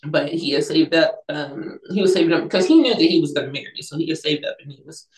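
Young adult woman, low register, lively storyteller. Recorded roomy and off-mic. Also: fast talker, distant mic. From Northern California. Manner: animated storyteller, acts out quoted voices, laughs often. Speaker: interview guest, singer-songwriter. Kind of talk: casual storytelling interview.

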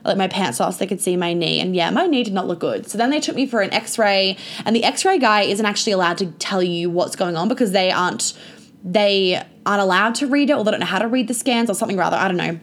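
Young woman vlogger, mid-pitch, loose storytime delivery, lots of fillers and cursing. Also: fast talker. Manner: chatty, full of "like" and frequent swearing. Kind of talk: casual storytime monologue.

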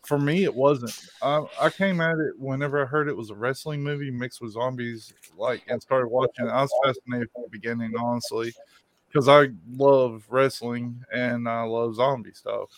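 A man's voice: medium pitch, fairly even intonation, normal speed, low-quality recording. A laid-back man with a mid-range voice asks questions on a casual panel. He chats loosely, leans on "like", and swears now and then. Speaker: show panelist. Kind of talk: casual interview chat.

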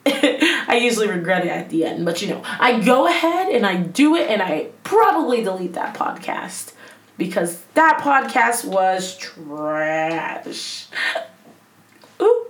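A woman's voice: medium pitch, sing-song, takes it slowly, roomy sound, recorded from a distance, rough recording. A young woman hosting a casual solo podcast, rambling and self-mocking with lots of fillers, on a headset mic. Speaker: podcast host.

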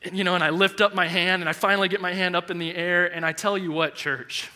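A male pastor in his thirties preaching a sermon in a large church, telling a personal story with animated, heartfelt delivery. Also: sits high, quick pace, hardly any pauses. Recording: echoey church hall reverb.

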